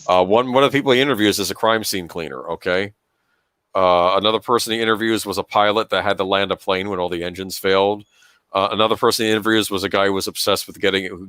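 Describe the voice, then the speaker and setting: A man with a lowish voice recorded dry and close, chatting on a podcast. He reassures and recommends things, checking in often as he talks. His delivery is relaxed and conversational. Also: clean tone, no echo. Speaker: podcast host. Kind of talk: casual podcast chat.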